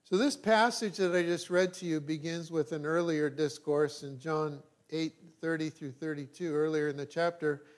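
A male pastor preaching a sermon. He reads scripture aloud with emphasis, then breaks into conversational asides and sudden quiet remarks. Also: a little high, fairly even intonation, moderate pace, hardly any pauses.

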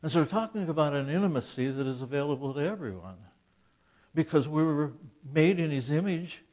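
A man's voice: on the high side, expressive, brisk, a little mellow. An older man in his seventies talks about faith in a loose, conversational preaching style. He is earnest and plainspoken, restarts his sentences, and drifts into asides and acted-out exchanges. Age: 70s. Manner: earnest and plainspoken, acts out quoted dialogue. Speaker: Christian author and speaker. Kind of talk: informal preaching talk.

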